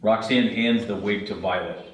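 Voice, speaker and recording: Man, deep voice, reading script directions, matter-of-fact, very echoey, distant mic. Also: steady tone, normal speed. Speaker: narrator reading scene directions. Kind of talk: script read-through narration. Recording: very echoey, distant, faint hiss.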